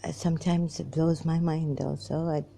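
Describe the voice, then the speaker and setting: A vlogger giving a rambling personal monologue, halting and repeating phrases. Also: medium pitch, level tone, gravelly, noisy background.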